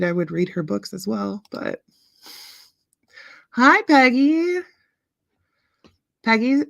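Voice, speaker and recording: A woman's voice: medium pitch, creaky, no room sound, studio quality. A woman in her late thirties hosting a casual livestream chat, talking to viewers and reading out their comments. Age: late 30s. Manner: chatty, reads out viewer comments, frequent ums. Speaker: livestream host.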